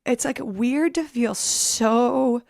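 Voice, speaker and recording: A woman's voice: fairly high pitch, slow, vocal fry, darkish tone, dry recording, clean studio sound. A woman in her thirties, a podcast guest, telling an emotional personal story over a video call, rambling with many fillers and restarts.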